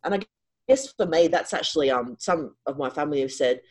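A middle-aged woman, a guest on an interview, telling a personal story in a casual, animated way with frequent restarts. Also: low-pitched, brisk, rough recording.

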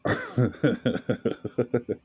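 A man's voice: mid-range voice, sing-song, extremely slow, a little mellow, breathy edge. A man hosting a podcast, telling a story in a casual, profane monologue. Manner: profane, storytelling, rising to angry rant. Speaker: podcast host.

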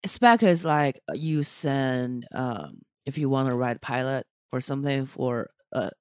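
A woman's voice: rumbling low, animated, measured pace, a little mellow, smooth, dry recording, studio quality. A woman comedian co-hosting a casual podcast chat, talking earnestly with frequent restarts. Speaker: stand-up comedian and co-host.

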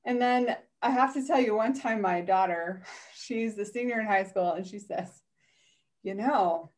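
A woman's voice: medium pitch, unhurried. Chatty mother telling home stories. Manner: warm storytelling with laughter. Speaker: guest, mother in a weight program. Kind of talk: casual conversation.

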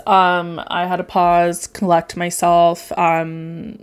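A woman's voice: fairly low pitch, monotone, slow pace, smooth. A young woman hosting a solo podcast, rambling and emotional, tearful at times, swearing casually and filling gaps with ums. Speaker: podcast host.

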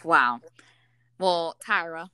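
A woman guest chatting casually, teasing playfully and reacting quickly. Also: deep voice, sharp tone, smooth, no room sound, studio quality. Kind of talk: casual chat.

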